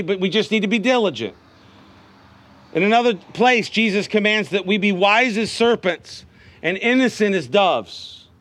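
A man's voice: high voice, fairly bright tone. A middle-aged man preaching a sermon in a folksy storytelling way, often asking the congregation "Amen?".

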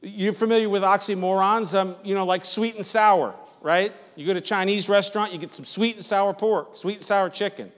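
A male pastor preaches with a high voice, his words ringing out across a reverberant church sanctuary. His delivery is conversational, and he keeps checking in with the congregation with "Amen?" and doubles back on his phrases. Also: fairly even intonation, a little fast, few pauses. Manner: repeats and restarts phrases. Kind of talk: sermon.

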